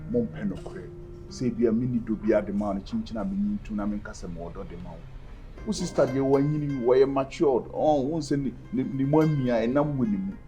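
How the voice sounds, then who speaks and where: Actor playing a defensive Ghanaian guy, mellow low voice. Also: brisk, soft background music, natural voice. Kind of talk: amateur drama acting.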